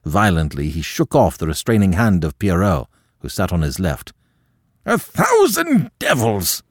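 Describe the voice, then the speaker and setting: Male audiobook narrator, low, expressive delivery, dry sound. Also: no echo. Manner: expressive, measured storytelling.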